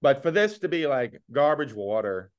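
A man's voice: mid-range voice, sing-song, normal speed. A man co-hosting a podcast, ranting bluntly and sarcastically about food prices in casual chat. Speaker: podcast co-host.

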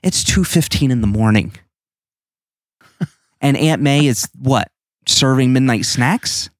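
A man's voice: medium pitch, takes it slowly, no room sound, clean studio sound. A man co-hosting a podcast, chatting casually and rambling animatedly about a comic book. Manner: rambling, animated, restarts often. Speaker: podcast co-host.

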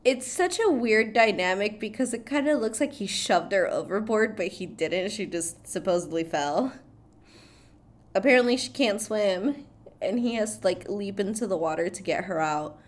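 A young woman retelling a film plot in casual chat. She talks with a lot of profanity, laughs often, and fills her speech with "like" and "blah, blah.". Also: mid-range voice.

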